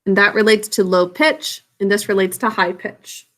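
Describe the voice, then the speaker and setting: In a recorded classroom lesson, a woman teacher explains science to young students casually, correcting herself as she goes. Her voice is medium-pitched and fairly bright, at normal speed.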